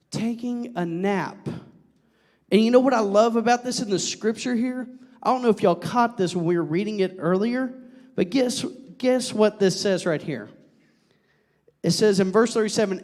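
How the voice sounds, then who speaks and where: Young male pastor, high voice, lively sermon with asides to the room, long reverb of the church hall. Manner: animated, joking with the congregation, drops to a near whisper.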